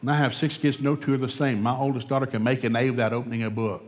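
A middle-aged man preaching a sermon in a folksy, emphatic way, a former school administrator from Oklahoma who swings up to loud peaks. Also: mid-range voice, steady tone, fast. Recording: long hall reverb.

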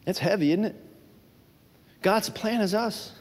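A man's voice: high-pitched, unhurried, big-room sound. A male pastor delivering a sermon, preaching emphatically and asking the congregation questions.

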